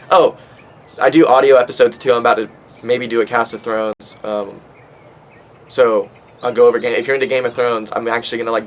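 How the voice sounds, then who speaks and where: A man's voice: on the low side, slight background noise, low-quality recording. A man in his twenties hosting a podcast, rambling casually with lots of swearing and fillers, stoned. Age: 20s. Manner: profane, rambling, with many fillers. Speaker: podcast host.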